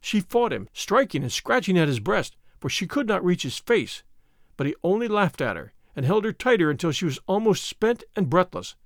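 Man narrating a story, high voice, lively and dramatic, dry close sound. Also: moderate pace, no echo. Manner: expressive, dramatic reading.

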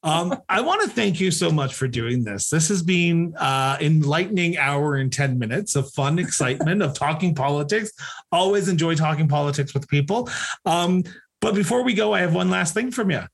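Husky-voiced man hosting a podcast. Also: fairly high pitch, animated, normal speed. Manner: joking, playful sarcasm. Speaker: podcast host. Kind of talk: casual interview chat.

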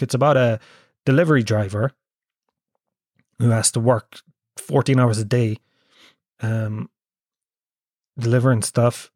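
Ill and worn out, a man from Ireland talks alone on his podcast, meandering, swearing and putting himself down. The recording is dry and clean, studio-grade, and his mid-range voice sounds slightly mellow.

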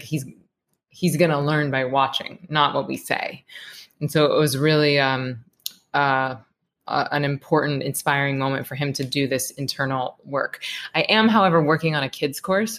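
A woman in her thirties with a low voice speaks as a podcast guest. She talks reflectively and earnestly, pausing to find her words. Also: a bit bright. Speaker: guest, meditation teacher. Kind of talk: podcast interview.

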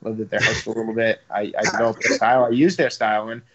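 Young male fighter, rapid flat delivery with lots of fillers, casual interview guest, dull lo-fi sound. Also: lowish voice, crowd noise. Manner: rambling, filler-heavy, casual swearing. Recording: slightly dull lo-fi audio.

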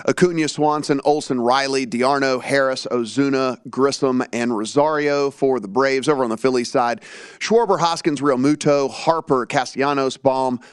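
A man's voice: medium pitch, steady tone, clean tone, dry recording, studio quality. A man hosting a sports betting talk show, chatting casually about games and lineups. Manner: rambling, chatty, reads lineups quickly.

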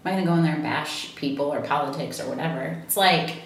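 A woman's voice: deep voice, fast, noisy background. A woman, co-hosting and telling stories animatedly, acting out the voices. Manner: animated storyteller, acts out dialogue. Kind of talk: casual chat, storytelling. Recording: very echoey, distant from mic.

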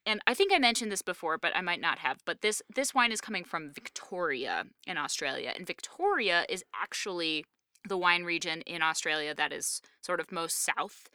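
A woman's voice: fairly low pitch, expressive, moderate pace, sharp tone, clear, resonant tone, dry recording, studio quality. A woman co-hosting a podcast in casual chat, talking in a chatty, digressive way with many fillers. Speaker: podcast co-host.

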